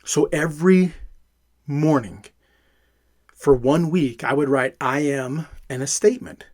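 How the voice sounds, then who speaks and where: A man's voice: fairly high pitch, a little slow, a little mellow. A man, a father, telling his own story in an emphatic way and repeating words for emphasis. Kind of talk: personal storytelling.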